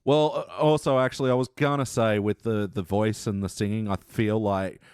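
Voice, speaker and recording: Male podcast host, lowish voice, chatty and laughing, dry close mic. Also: fairly even intonation, normal speed, darkish tone, clean tone, no echo. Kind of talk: casual chat.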